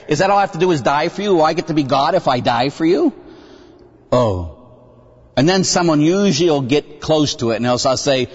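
A middle-aged man, a Catholic priest, preaching a lively sermon and acting out dialogue with young people in different voices. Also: a little fast, husky. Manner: animated, acts out dialogue with kids, bursts into high excited voices. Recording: dull sound with long hall reverb.

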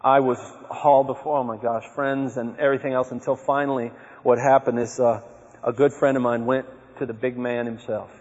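A man giving a personal testimony talk to an audience, telling his story in a lively way and acting out his own remembered words. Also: mid-range voice, fairly quick. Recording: dull, echoey hall recording.

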